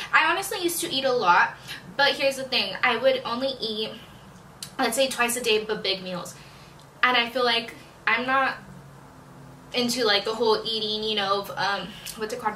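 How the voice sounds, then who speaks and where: Young woman vlogger, bright, slightly high voice, blunt casual confessional chat, roomy echo. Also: slight background noise. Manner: chatty, frank, swears, many "like" fillers. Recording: echoey room, a bit far from mic.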